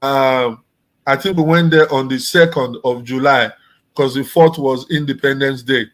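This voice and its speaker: A man from Nigeria in casual chat, speaking in a relaxed, conversational way with some restarts. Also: mid-range voice, a little slow, rough recording.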